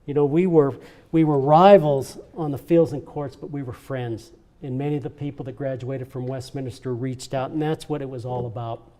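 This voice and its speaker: A man's voice: mid-range voice, steady tone, moderate pace, warm tone. An older man giving an earnest, emotional speech at a charity event. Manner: earnest, emotional storytelling with repeats. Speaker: honoree speaking at a charity event. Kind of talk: heartfelt personal speech.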